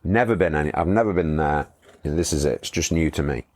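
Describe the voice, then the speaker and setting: A man's voice: rumbling low, brisk, a little mellow. A middle-aged man, a motorcycle tour company owner, telling rambling anecdotes in a casual interview, chuckling as he goes.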